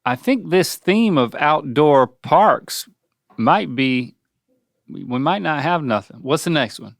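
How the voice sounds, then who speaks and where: A man's voice: a little high, expressive, slow pace, creaky, dry recording, clean studio sound. A middle-aged man co-hosting a podcast, teasing and playfully quizzing his father. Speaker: podcast co-host. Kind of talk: casual chat. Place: indoor studio.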